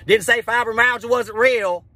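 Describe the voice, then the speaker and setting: High bright exasperated comic storyteller man. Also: steady tone, dry recording. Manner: exasperated, crude, rapid ranting. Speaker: stand-up comedian. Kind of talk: stand-up storytelling.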